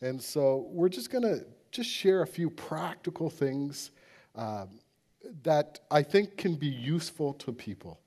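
A man preaching a sermon as pastor, speaking plainly and relaxed, halting with many fillers. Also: on the high side.

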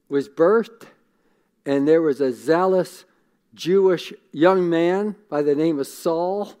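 A man's voice: sits high, darkish tone, smooth. Earnest, conversational preacher man. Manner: earnest, conversational, repeats words as he thinks. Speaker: pastor. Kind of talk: sermon.

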